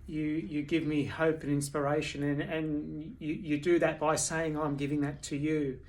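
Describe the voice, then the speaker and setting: A tired woman speaking candidly at home in a personal video diary, halting, with many restarts and fillers. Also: sits low, flat delivery, a little mellow. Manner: candid and confessional. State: tired from sleepless nights. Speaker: vlogger.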